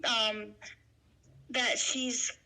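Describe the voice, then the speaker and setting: A woman's voice: on the high side, flat delivery, extremely slow, bright, forceful tone, poor audio. A woman chatting casually as a fellow fan, giving brief, agreeable replies with hesitations. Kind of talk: casual chat.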